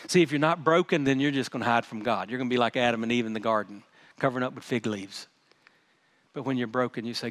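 A middle-aged man preaching a sermon as pastor. He speaks earnestly, often repeats his words, and drops to a soft, prayerful tone at times. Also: mid-range voice, fast.

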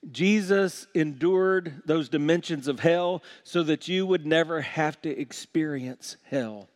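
A pastor delivers a sermon in a voice sitting a little high for a man. He swings between loud, emphatic peaks and hushed, quiet passages. He slows right down to lean on the words that matter. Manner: slows down to stress key words.

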